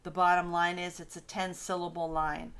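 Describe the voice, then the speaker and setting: A woman teacher lectures her class in a casual, conversational way. She explains patiently, using fillers and quick self-corrections as she thinks aloud. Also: on the low side, little pitch movement, fairly bright tone, smooth.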